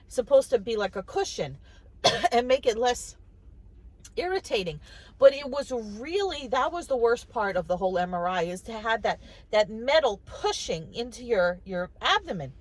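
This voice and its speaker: Woman vlogger, casual first-person storytelling, chatty with frequent restarts, pitched on the high side. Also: big pitch swings, normal speed, low-quality recording. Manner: chatty, restarts and repeats words, quotes others.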